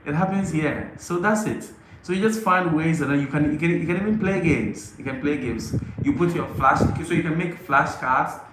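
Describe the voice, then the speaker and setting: A man acting out an English lesson for young kids, repeating words in sing-song calls, then explaining quietly. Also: a little high, moderate pace. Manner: repetitive sing-song teacher calls alternating with quiet asides. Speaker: English teacher giving advice. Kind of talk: mock classroom demonstration with explanation. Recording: echoey room with faint noise.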